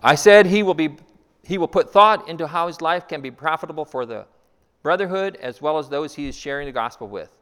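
A man preaching a sermon as pastor, repeating key lines and asking rhetorical questions, swinging between loud emphasis and hushed asides. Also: on the high side, animated, a little fast, clear, resonant tone. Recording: long reverb of a large hall.

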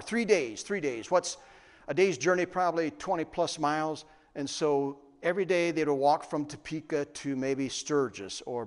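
Lively man preaching in an echoing hall. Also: fairly high pitch. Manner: lively, questioning the congregation. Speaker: pastor. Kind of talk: sermon. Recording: long reverb of a large hall.

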